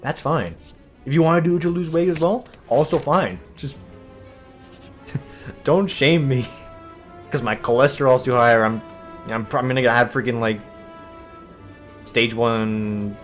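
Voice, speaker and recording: A young man hosting a gaming video, chatting casually over gameplay and telling animated stories in which he mimics other people's exaggerated voices. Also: medium pitch, measured pace, long pauses, faint music behind. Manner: animated storytelling, voicing exaggerated quoted people.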